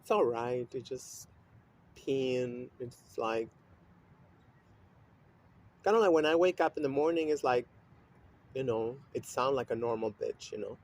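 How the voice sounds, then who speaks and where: A man speaking in a loose, rambling monologue with a steady stream of fillers and swearing. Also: medium pitch, measured pace, long pauses, a little hiss or hum. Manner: rambling, profane, with frequent fillers and laughs. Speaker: vlogger. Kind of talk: casual monologue.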